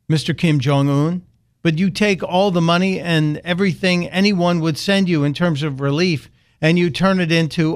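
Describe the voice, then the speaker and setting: A man's voice: on the high side, normal speed. A man hosting a political talk radio show, delivering a sarcastic, mocking monologue.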